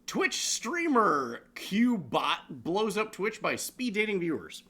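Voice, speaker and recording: A man's voice: sits high, very animated, slow pace, bright, forceful tone. A man co-hosting a live stream show, chatting casually with profane, laughing banter. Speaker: co-host.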